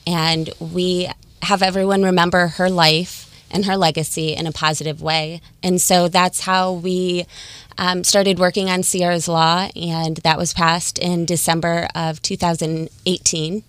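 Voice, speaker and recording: A woman's voice: fairly low pitch, flat delivery, measured pace, fairly bright tone, clear, resonant tone, no room sound. A woman guest on a morning radio show, speaking earnestly, politely and steadily. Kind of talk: radio interview.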